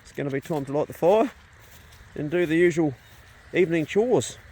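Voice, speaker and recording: A man's voice: fairly high pitch, expressive, normal speed, mellow, husky. Easygoing male homesteader outdoors. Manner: chatty, easygoing, talks to his animals. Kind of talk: casual outdoor vlog commentary. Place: outdoors on a rural farm paddock. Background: sheep and dogs nearby.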